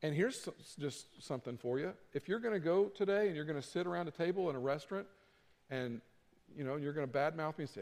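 A man's voice: a little high, fast, a little mellow. A middle-aged man preaching a sermon as pastor, earnest and conversational, slipping into quoted voices of others. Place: church sanctuary. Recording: long reverb of a church hall.

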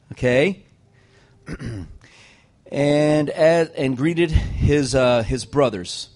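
A man preaching to a congregation, retelling a scripture story with lively joking asides. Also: medium pitch, very slow, pauses often.

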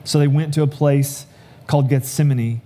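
Man preaching in a mellow voice. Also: on the high side, fairly even intonation, moderate pace. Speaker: pastor. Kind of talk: sermon.

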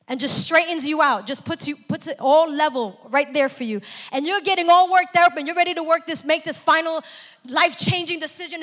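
Preaching at a fairly quick clip, a woman's high voice carries across a big hall that echoes with long reverb. Her delivery is call-and-response, asking for amens before rising into shouted, forceful exhortation.

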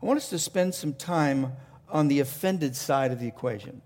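A man's voice: medium pitch, moderate pace, a little mellow. Passionate male preacher in a reverberant hall. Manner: passionate preaching with rhetorical questions and frequent restarts. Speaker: pastor. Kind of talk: sermon. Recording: long reverb of a large hall.

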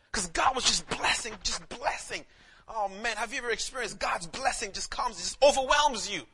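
High, bright, animated preaching man. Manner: animated, swings from shouting to hushed; casual street talk, calls listeners man. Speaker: pastor. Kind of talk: sermon.

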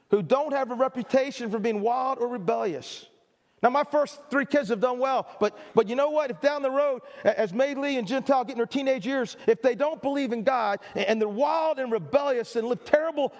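A middle-aged male pastor preaching a sermon, earnest and emphatic, with stammered restarts and repeated phrases. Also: very high-pitched. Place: church hall. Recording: reverberant church hall.

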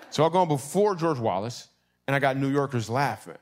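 A grown man from Michigan, a stand-up comedian telling a long story to a laughing crowd, acting out voices with quick, animated asides. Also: mid-range voice. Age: adult.

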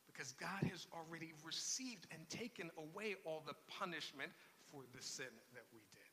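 Bright-voiced man preaching in a reverberant hall. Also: on the high side, expressive, normal speed. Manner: conversational preaching with repeated restarts. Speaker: pastor. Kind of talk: sermon.

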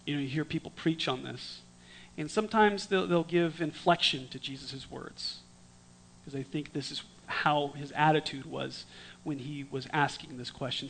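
A man preaching a storytelling sermon in a conversational way, with dramatic swings from lively to hushed. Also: on the high side, slight background noise. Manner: conversational with restarts.

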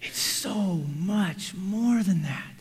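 A man preaching a sermon, animated, acting out quotes and everyday scenes. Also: sits high, extremely slow. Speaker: pastor. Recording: reverberant hall.

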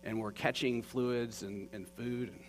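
A man's voice: medium pitch, fairly even intonation, measured pace, rough recording. A man telling a personal story in an earnest, conversational way, with many fillers. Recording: faint mains hum.

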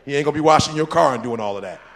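A man's voice: fairly high pitch, rapid-fire. A man leading a church talk on marriage and leadership. He speaks to the men in the audience directly, repeats his phrases for emphasis and laughs between points. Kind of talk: informal preaching talk with audience questions.

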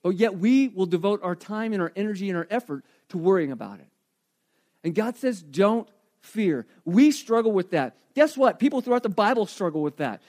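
A middle-aged man, a pastor, preaching an animated sermon and questioning the congregation directly. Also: sits high, normal speed.

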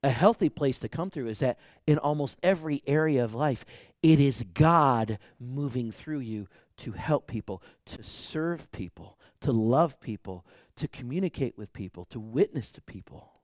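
A man's voice: medium pitch, lively intonation, moderate pace, a little mellow, dry recording, clean studio sound. A middle-aged man preaching a conversational sermon, building to emphatic peaks with frequent fillers. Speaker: pastor.

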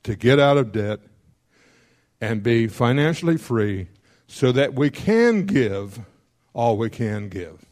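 A man teaching a class on paying off debt, folksy and joking, checking in often with his listeners and rattling off figures quickly. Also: mid-range voice, big pitch swings, a little mellow. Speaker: financial counselor teaching a class. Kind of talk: classroom lecture on debt repayment.

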